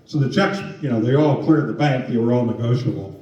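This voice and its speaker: Casting note: man telling a story to an audience, mellow and loose, lots of uh and um, caught from a distance in a very echoey room. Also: mid-range voice, a little fast. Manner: conversational, with many fillers. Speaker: presenter on scams. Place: museum meeting room. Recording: roomy, distant, dull sound.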